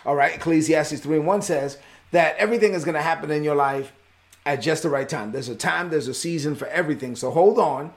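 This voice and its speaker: A man preaching a sermon, telling a Bible story with animated storytelling that rises in pitch and volume at its peaks. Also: a little fast, a little hiss or hum. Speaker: pastor.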